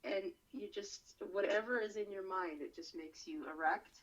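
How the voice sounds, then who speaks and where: A woman co-hosting a crude podcast, telling stories deadpan over a video call. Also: medium pitch, moderate pace, highs cut off. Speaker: podcast co-host. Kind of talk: crude casual storytelling. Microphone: webcam on a video call.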